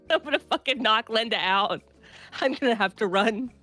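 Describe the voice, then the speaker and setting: A woman's voice: fairly high pitch, moderate pace, bright, forceful tone, soft background music. A woman playing an improvised tabletop game, melodramatic and swearing, laughing often. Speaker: guest player. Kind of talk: improvised tabletop role-play.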